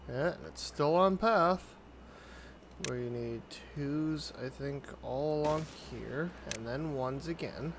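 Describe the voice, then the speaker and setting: A man giving casual commentary on his own gameplay, thinking aloud as he builds in a relaxed way. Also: on the high side, slow pace, over music. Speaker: gaming YouTuber. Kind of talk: casual let's-play commentary.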